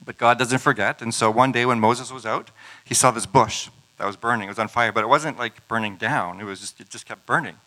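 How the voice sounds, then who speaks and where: A man's voice: mid-range voice, brisk, sharp tone, poor audio. A man preaching a sermon, retelling scripture stories in a conversational way with casual asides.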